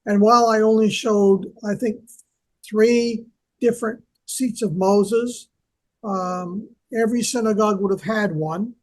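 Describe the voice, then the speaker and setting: A man co-hosting an educational talk, explaining slowly with many pauses and fillers. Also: high-pitched, steady tone, a little mellow. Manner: hesitant, lots of fillers, explanatory. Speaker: co-host, archaeology scholar. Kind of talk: casual educational discussion.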